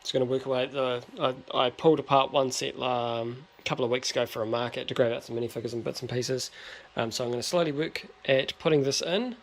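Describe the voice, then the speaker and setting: A man's voice: medium pitch, steady tone, quick pace, hardly any pauses. A man from New chatting in a laid-back, slightly hesitant way on a shop vlog. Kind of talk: casual chat. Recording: faint background noise.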